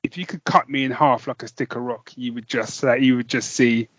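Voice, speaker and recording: An eager British man co-hosting a podcast, who talks in a loose, rambling way and laughs often. His voice sits at a middling pitch. The recording is dull and lo-fi, with a dry, close sound. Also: steady tone, brisk, no echo. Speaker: podcast co-host. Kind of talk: casual chat.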